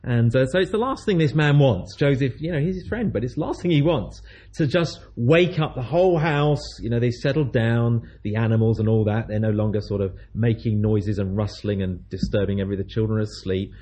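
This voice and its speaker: Man, sermon, mellow tone, slightly husky, conversational storytelling. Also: mid-range voice, fairly quick. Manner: chatty storytelling, acts out voices. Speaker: preacher.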